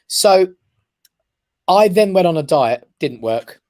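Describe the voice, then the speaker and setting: A man, a guest on a talk show, telling a personal story with lively emphasis and frequent "right?" check-ins. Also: sits high, takes it slowly, dry recording, clean studio sound. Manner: animated storyteller who keeps checking in with "right?". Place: his office.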